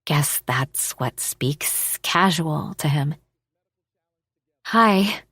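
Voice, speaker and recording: A woman narrating a romance audiobook in the first person, expressive, dropping to a hush for inner thoughts. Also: fairly low pitch, unhurried, dry recording, studio quality.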